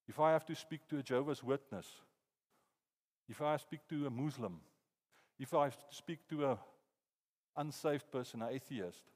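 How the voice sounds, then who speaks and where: A man with a South African accent preaching a sermon through animated, lively storytelling. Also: mid-range voice. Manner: animated storytelling, hypothetical anecdotes. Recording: long reverb in a hall.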